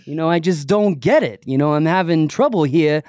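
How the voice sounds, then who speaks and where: A man's voice: on the high side, lively intonation, brisk, a little mellow, dry recording, voice pushed up, close to an everyday voice. A brash middle-aged New York tough guy with a New York accent, as a podcast host puts him on. He swaggers and makes mock threats in a raised, pushed-up voice. The sound is close and dry. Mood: brash, menacing. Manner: swaggering, mock-threatening, leaning on "you know".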